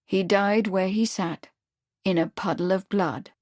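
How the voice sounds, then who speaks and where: A woman narrating an audiobook in a steady, even storytelling manner. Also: medium pitch, unhurried, no echo, clean studio sound. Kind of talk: scripted narration.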